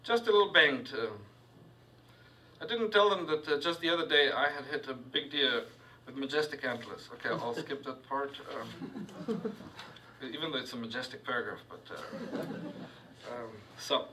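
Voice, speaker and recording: A man reading his own fiction aloud to a live audience, halting on fillers and adding asides. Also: mid-range voice, animated, pushed and bright, recorded from a distance, slight background noise, rough recording. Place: university reading hall with audience.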